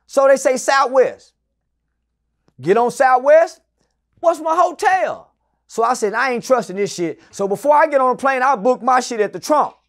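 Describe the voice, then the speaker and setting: Man, middle-aged, high-pitched, profane storyteller, loud, acts out quotes, casual interview guest. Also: expressive, normal speed.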